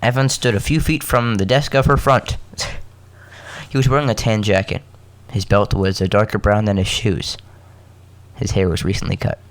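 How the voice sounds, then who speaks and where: Male podcast host reading a story, low voice, dry close sound, stumbles and self-corrects. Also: fairly even intonation, no echo. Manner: halting, self-correcting, joking asides between coughs. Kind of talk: casual story reading with asides.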